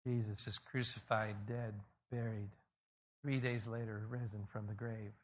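A male pastor preaching a sermon, telling the story in an animated way and swinging between loud peaks and quiet passages. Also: lowish voice, unhurried.

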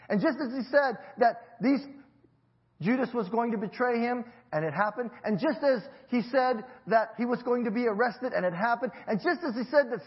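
A man preaching a sermon as pastor, telling a Bible story with loud emphatic peaks and quiet low passages. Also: expressive, moderate pace, highs cut off.

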